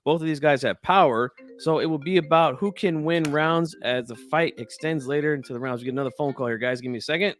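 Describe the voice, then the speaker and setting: Friendly higher-voiced man hosting a call-in. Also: quick pace, hardly any pauses, faint music behind. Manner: relaxed, friendly, says "man" often. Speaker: host of a boxing call-in show. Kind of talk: casual live-stream chat.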